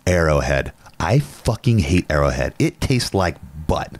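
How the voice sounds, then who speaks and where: A young adult man from Northern California co-hosting a podcast, telling a story in an animated, casual way and swearing freely. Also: extremely low pitch, a little slow. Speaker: podcast co-host. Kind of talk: casual chat.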